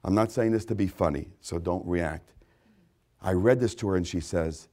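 A man preaching a sermon, swinging between loud, emphatic repetition and low, hushed asides. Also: normal speed. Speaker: pastor.

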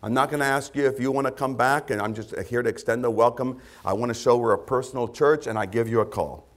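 A man pastor delivering a conversational sermon to his congregation, breaking now and then into loud put-on voices. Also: mid-range voice, fairly even intonation, fast talker.

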